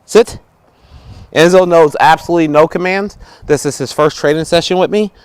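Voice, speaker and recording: Teaching dog training outside in an instructional video, a man explains each step, gives the dog brief commands, and often checks in with "right?" and "okay?". His voice is on the high side, steady and smooth, a little fast, with no echo.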